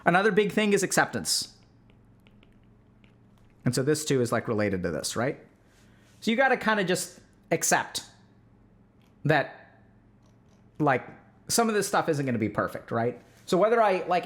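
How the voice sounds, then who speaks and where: A man with a slightly higher-than-usual voice talks through parenting advice like a clinician chatting with his audience. His delivery is loose and conversational, studded with "like" and tag questions such as "right?" and "okay?". He turns sarcastic when mocking strict ideas. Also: very animated, normal speed, long pauses. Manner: conversational, full of "like" and "right?" check-ins. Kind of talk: casual explanatory talk.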